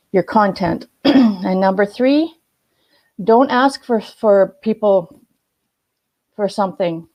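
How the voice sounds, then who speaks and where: A woman on a casual live stream giving business tips to viewers, halting often with ums and restarts while glancing at notes. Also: lowish voice, warm tone, dry recording. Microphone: phone or webcam, looking at notes.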